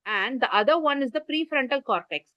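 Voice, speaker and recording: With an Indian English accent, a woman leads an online parenting class over a video call, gesturing as she explains and inviting listeners to type in the chat. Her voice is high, her intonation lively, and she talks a little fast. The video call audio is muffled and lo-fi, with no room sound.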